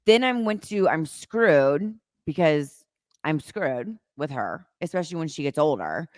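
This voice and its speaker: A woman with a slightly low voice tells stories in lively, animated bursts and swears freely. She sounds close and dry on a podcast mic, with no room sound around her. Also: normal speed, no room sound. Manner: animated storytelling, swears casually. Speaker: podcast co-host. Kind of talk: casual chat.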